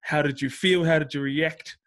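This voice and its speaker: A man's voice: a little high, fairly even intonation, normal speed, a bit bright. A man with a New Zealand accent hosting a podcast, laid-back and asking his guest questions casually. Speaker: podcast host. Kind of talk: casual chat.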